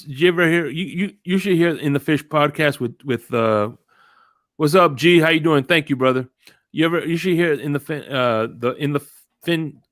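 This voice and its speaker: A podcast host with a slightly high, somewhat bright voice rambles through stories on a casual sports show, greeting live chat viewers and doing quoted voices as he tells them. The recording is studio quality with no room sound.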